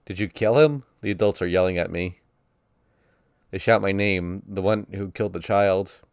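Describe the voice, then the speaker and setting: A man's voice: sits low, level tone, normal speed, smooth, no echo, studio quality. A man reading a visual novel aloud on stream, narrating casually in the first person. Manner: casual first-person narration that voices sound effects playfully.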